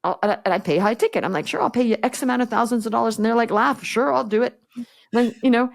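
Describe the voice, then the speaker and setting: A woman's voice: fairly high pitch, rapid-fire, creaky. A woman business coach speaking bluntly and directly as a podcast guest, acting out the exchanges she quotes. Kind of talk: podcast interview conversation.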